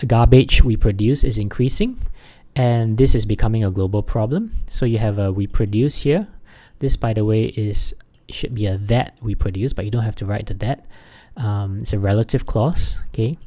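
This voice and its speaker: A man teaching an English exam lesson over slides, halting often with fillers and restarts, and leaning hard on key words. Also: mid-range voice, a little mellow. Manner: stresses key words by raising his voice.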